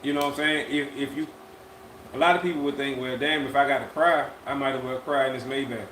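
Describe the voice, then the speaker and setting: A man's voice: mid-range voice, fairly even intonation, a bit bright, slight background noise. Laid-back man in an echoey room. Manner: laid-back, drawn-out, repeats phrases. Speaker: podcast co-host. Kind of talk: casual live-stream chat. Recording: echoey room with faint ambience.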